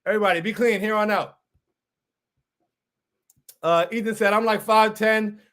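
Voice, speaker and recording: A man in his thirties from New York hosts a casual fan stream, reading out viewer messages with a fairly high voice. He is hyped and animated and keeps echoing his own lines. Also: moderate pace. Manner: excited, repeats phrases, reads viewer comments aloud. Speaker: livestream host reading chat. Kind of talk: casual hype chat.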